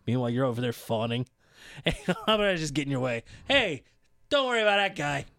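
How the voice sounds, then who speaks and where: A man co-hosting a casual chat about wrestling, excitable and rambling, often laughing as he talks. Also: medium pitch, quick pace, dry recording, clean studio sound. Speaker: podcast co-host.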